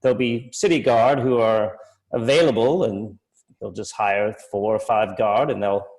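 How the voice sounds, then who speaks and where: A man's voice: fairly low pitch, unhurried, darkish tone, low-quality recording. A man doing a chatty halfling musician. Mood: friendly, chatty. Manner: courteous, rambling, hesitant fillers. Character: chatty male halfling musician, polite and gossipy.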